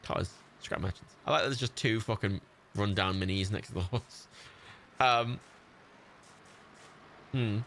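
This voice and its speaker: A man's voice: on the low side, a little slow, long pauses, fairly bright tone, slight background noise. A young man with an English accent giving rambling, sweary let's-play commentary on a livestream and laughing often.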